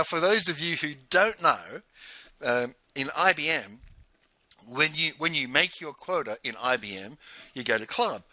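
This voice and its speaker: A man's voice: mid-range voice, sharp tone, no room sound. A man, telling a personal story in a chatty, digressive way and laughing often. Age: 50s. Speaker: channel host. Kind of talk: casual storytelling monologue.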